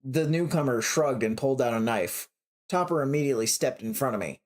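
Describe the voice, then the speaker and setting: A woman reading a short story aloud on a writing stream, voicing the dialogue with big pitch swings. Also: animated, brisk, a little mellow. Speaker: reader on a writing prompt stream. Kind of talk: reading a story aloud, then casual chat.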